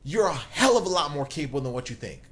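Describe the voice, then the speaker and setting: Guy hosting a motivational live stream, pitch jumping all over, pumped-up pep talk to viewers. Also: sing-song, fast talker, a bit bright. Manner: emphatic, pep-talk delivery addressing viewers directly. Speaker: host of a mentorship live stream.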